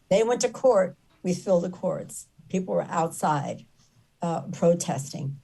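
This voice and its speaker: Woman with a lowish voice, telling it earnest and fired up, says stuff over and over for weight. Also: mellow, low-quality recording. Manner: impassioned, repeats phrases for emphasis. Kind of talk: earnest storytelling talk.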